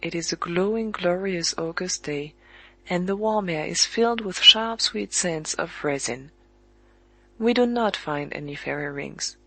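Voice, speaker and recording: An audiobook narrator reading a literary story in a measured, evenly paced way with pauses at the commas. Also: medium pitch, creaky, fairly bright tone, rough recording.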